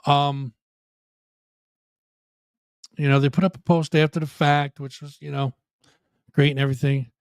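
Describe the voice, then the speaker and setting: A man's voice: fairly high pitch, flat delivery, unhurried, long pauses, clean tone, dry recording, clean studio sound. A man hosting a live rock show stream, joking and profane, playing up a mock apology. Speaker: podcast host.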